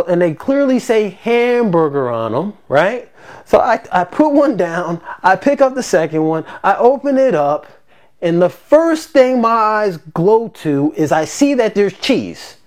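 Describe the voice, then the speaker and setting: Animated storyteller, lively swooping voice, casual vlog story, exasperated. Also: measured pace. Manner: animated, acts out quotes with big pitch jumps; exasperated, recounting a grievance. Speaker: parent telling a personal story.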